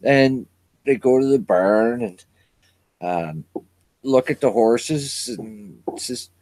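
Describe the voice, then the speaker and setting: A man on a casual chat show, telling a joke as a slow and expressive storyteller. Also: mid-range voice, dry recording. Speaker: guest.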